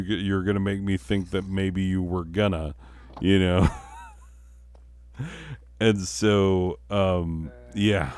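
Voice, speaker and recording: A man's voice: deep voice, darkish tone, no echo. A middle-aged man and father, telling a story in a casual, profane, self-mocking way and laughing often. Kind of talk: casual storytelling while playing a game.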